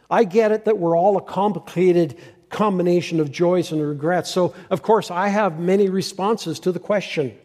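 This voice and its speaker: A man's voice: sits high, a little mellow. Earnest older male pastor, echoing church hall. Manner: earnest, halting with restarts. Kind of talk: farewell sermon.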